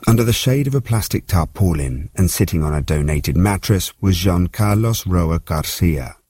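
Low, husky male reporter narrating. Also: lively intonation, dark tone, no room sound, clean studio sound. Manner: measured, storytelling delivery.

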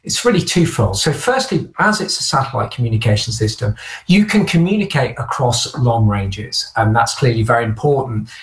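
A man's voice: medium pitch, lively intonation, normal speed. A man as an expert guest, explaining methodically, step by step. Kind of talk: explanatory interview answer. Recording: roomy echo.

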